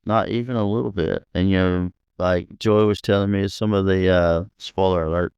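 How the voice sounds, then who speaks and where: A man, co-hosting a podcast in relaxed casual chat, agreeable and quick to murmur assent. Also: low voice, smooth, no echo. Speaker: podcast co-host. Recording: dull, muffled sound.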